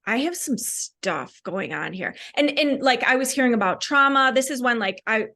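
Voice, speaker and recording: A woman's voice: a little high, expressive, moderate pace, sharp tone. A woman speaking as a podcast guest, candid and reflective, with frequent "like" fillers. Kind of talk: casual conversational interview.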